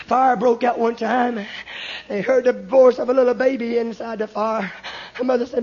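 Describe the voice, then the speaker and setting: A man preaching a fiery hellfire sermon, calling listeners "friend" and rising into shouts. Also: very high-pitched, steady tone, normal speed, breathy edge. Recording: dull lo-fi recording.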